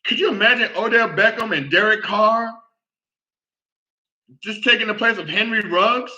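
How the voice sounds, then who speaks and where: Animated man hosting a sports talk show. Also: sits high, normal speed, highs cut off. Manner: animated, repeats himself, keeps asking "all right?".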